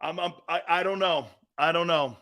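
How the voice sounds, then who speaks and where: A middle-aged man with an East Coast American accent, hosting a sports talk show in brash, loud, joking banter. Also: a little high, moderate pace. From Northeastern United States. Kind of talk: casual live show banter.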